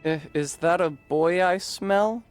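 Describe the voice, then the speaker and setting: A man reading aloud as a giddy, boy-crazy young woman swooning over a scent, in a slow, breathy way. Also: high-pitched, soft background music, pitched above the performer's own voice. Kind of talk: dramatic reading of a chat post.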